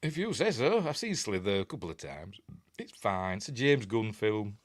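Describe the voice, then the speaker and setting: Chatty Yorkshire man, lively voice. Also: lowish voice, normal speed, dry recording, studio quality. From Yorkshire, England. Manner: rambling, reads viewer comments and answers them, chuckles often. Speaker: host of a film review livestream. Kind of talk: casual live-stream chat.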